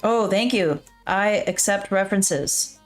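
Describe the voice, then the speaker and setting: Speaking slowly in a medium-pitched voice, with faint music in the background, a digital artist narrates her thoughts while drawing on stream. She chats, jokes to herself and runs herself down into a pop-filtered desk mic.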